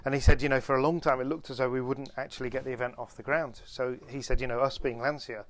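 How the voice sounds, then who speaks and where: A man casually telling an animated anecdote on a podcast, with many restarts. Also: medium pitch, quick pace. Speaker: podcast co-host. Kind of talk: casual storytelling chat.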